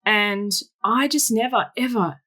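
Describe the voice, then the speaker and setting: A woman in her thirties, a podcast guest, telling a personal story frankly and directly, with quick asides. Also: fairly high pitch, fairly bright tone.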